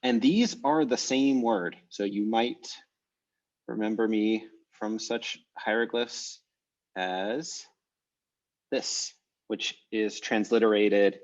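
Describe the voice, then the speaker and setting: A man's voice: lowish voice, slow. A man teaching an online language class, speaking casually and thinking aloud as he works things out. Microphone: video call. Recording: dull, muffled video call audio.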